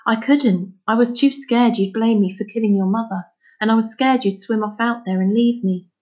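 A woman reading aloud voices a grieving middle-aged fisherman father, speaking in a heavy, halting way. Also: fairly high pitch, warm tone, lo-fi sound, lightly acted. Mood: sorrowful.

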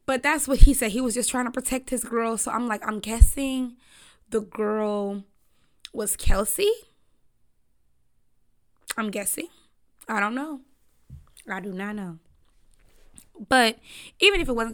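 A woman's voice: on the high side, fairly bright tone. A young woman hosting a casual talk show, rambling and cussing with laughing asides. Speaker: podcast host. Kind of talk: casual storytelling chat.

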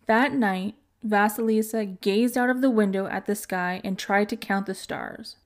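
Woman calmly narrating a folk tale. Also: medium pitch, measured pace. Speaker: podcast host. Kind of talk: storytelling narration.

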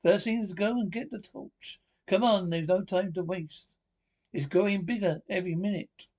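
A man's voice: high voice, normal speed, a little mellow. A man voicing a grave male scientist who gives urgent orders in a radio play. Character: grave male scientist facing his creation.

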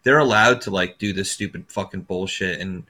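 A male podcast co-host with a lowish voice and a bright, forceful edge. He talks loosely and sarcastically, swearing as he goes. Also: moderate pace. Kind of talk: casual chat.

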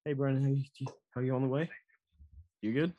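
A man's voice: medium pitch, fairly even intonation, brisk, dark tone, no echo, lo-fi sound. A young man talking as a podcast guest over a video call, joking and laughing, sitting well back from his microphone. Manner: joking, laughing, filler-heavy. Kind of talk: casual chat. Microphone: far from the mic.

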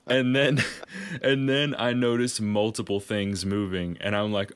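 A man's voice: fairly low pitch, unhurried. A man co-hosting a podcast, telling rambling stories in casual chat, swearing freely and laughing at himself. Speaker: podcast co-host.

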